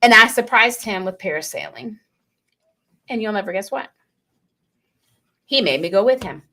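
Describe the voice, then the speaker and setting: A middle-aged woman from Scotland, co-hosting a casual radio talk show and telling stories in a lively, laughing way. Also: medium pitch, normal speed. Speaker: co-host. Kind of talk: casual chat.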